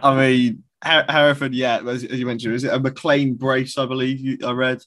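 A man's voice: mid-range voice, level tone, moderate pace, fairly bright tone. Bloke cohosting a footy podcast, keen, trips over his words, mid voice. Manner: eager, asks questions, hesitant restarts. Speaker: podcast co-host. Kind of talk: casual podcast chat.

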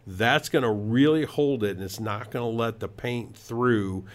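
A man's voice: medium pitch, measured pace. A man hosting a home improvement talk show, giving tips in a casual, rambling way with many fillers and restarts. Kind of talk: casual radio-style talk.

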